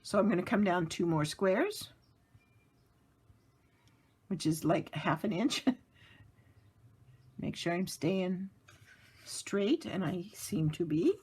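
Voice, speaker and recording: A woman's voice: fairly low pitch, animated, takes it slowly, pauses often, darkish tone, breathy edge. A woman giving a casual card-making tutorial, chatty and laughing lightly as she narrates each step at her work table.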